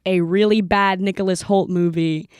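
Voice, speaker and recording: A young woman co-hosting a podcast, telling a story in a casual, animated way and slipping into silly voices now and then. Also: medium pitch, normal speed, smooth, no room sound. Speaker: podcast co-host.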